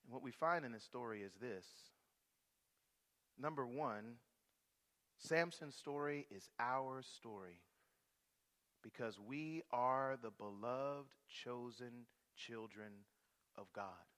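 A male pastor preaching a sermon in an emphatic, drawn-out way. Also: mid-range voice, in a large hall. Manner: slow, emphatic, swelling to shouts.

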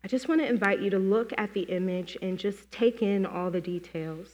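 A woman preacher leading a slow, gentle guided meditation and prayer in a church. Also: mid-range voice, muffled recording. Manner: gentle, slow, inviting with many pauses. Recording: long hall reverb.

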